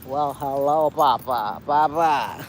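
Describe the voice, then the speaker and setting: A woman hosting a casual livestream outdoors by a street, chatting straight to her viewers and breaking into sudden high exclamations. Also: slow, a little hiss or hum. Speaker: livestream host. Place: outdoors by a street, waiting for a ride.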